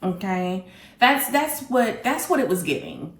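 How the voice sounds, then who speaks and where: Sassy, animated woman telling dating stories. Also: mid-range voice, a little slow, reverberant. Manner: animated, sassy, humorous, addresses viewers directly. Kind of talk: candid storytelling.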